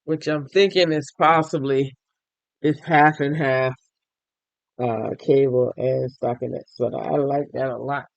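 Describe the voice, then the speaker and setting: A tired, yawning man hosting a crochet and knitting podcast, chatting casually as he shows his items to viewers and thinks out loud. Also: mid-range voice, fairly even intonation, measured pace, gravelly, no room sound, dull audio. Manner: chatty, thinks aloud, addresses viewers directly. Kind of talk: casual show-and-tell chat.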